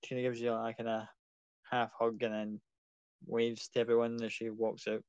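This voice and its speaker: Casual game master, dry close sound. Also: male voice, mid-range voice, completely flat delivery, moderate pace, a little mellow, smooth, no room sound, lo-fi sound. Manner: casual, loose narration with restarts. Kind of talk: narrating a tabletop game.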